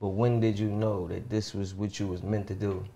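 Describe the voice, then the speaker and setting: A man interviewing a guest in casual chat, relaxed, with short reactions. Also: fairly low pitch, normal speed.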